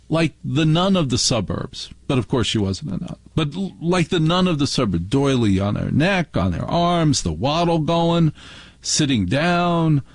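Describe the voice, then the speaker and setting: A man with a slightly husky, mid-pitched voice tells a family story on his radio show. He is animated and jumps up in pitch whenever he quotes a relative. The sound is dry and close to the mic. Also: dry recording. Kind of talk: storytelling monologue.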